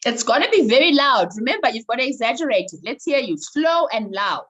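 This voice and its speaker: A woman leading an online voice workshop over a video call, animated and coaxing. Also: fairly high pitch, quick pace, husky, poor audio. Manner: animated, instructive, coaxing participants. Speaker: voice coach running a workshop.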